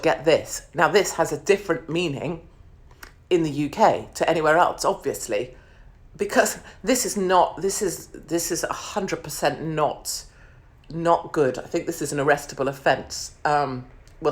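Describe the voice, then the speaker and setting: Brash middle-aged woman host, low voice, mocking comic monologue, casual swearing. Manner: brash and mocking, calls viewers darlings. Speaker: show host. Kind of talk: comedic to-camera monologue.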